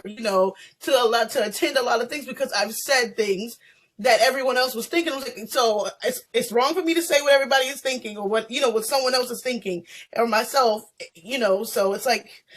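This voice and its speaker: Outspoken woman with a husky voice. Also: a little high, a bit bright. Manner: outspoken, emphatic, with restarts. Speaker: panel guest. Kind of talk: candid conversation.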